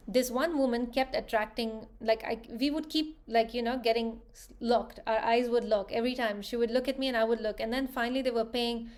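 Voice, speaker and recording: High-voiced woman leading a spiritual workshop. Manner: conversational, checks in with listeners; animated storytelling. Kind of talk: live online workshop talk.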